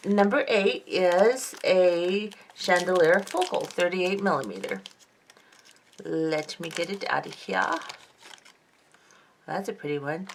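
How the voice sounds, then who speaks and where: A woman's medium-pitched voice carries a little hiss or hum. She is a jewelry-making vlogger at a home craft table lit by lamps, chatting casually as she unboxes craft beads, reading each item aloud and admiring them.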